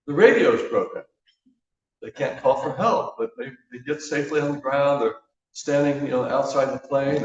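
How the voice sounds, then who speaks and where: A man giving a sermon, easygoing and anecdotal, often pausing with little fillers. His mid-range voice sounds distant and dull, swallowed in strong church-hall echo. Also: mid-range voice. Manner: relaxed, conversational storytelling with fillers. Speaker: guest speaker. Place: church sanctuary.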